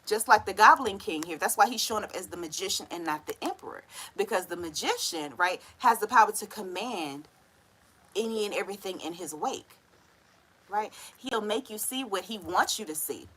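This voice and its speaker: During a relaxed tarot reading, a woman laughs often while telling stories and keeps tossing in slangy "right?" tags. Her medium-pitched voice has lively intonation, normal speed and a fairly bright, slightly rough tone. The recording is low quality.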